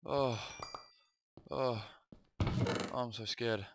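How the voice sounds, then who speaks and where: A man's voice: fairly low pitch, moderate pace, long pauses, heavy background noise. A young man giving jumpy let's-play commentary on a horror map, swearing freely when startled. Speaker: gaming video host.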